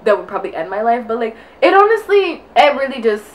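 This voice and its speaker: A woman's voice: a little high, sing-song, fast, a little hiss or hum. A young woman vlogging in casual chat while getting ready, out of breath and rambling with constant fillers. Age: young adult. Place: indoors at home, getting ready.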